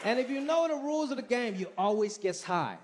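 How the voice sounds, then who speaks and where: A man's voice: very high voice, brisk, a crowd in the background, noisy background. A man doing a stand-up comedy set in a club, telling stories with a punchy delivery. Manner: animated storytelling, punchy delivery. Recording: live club set with laughing audience.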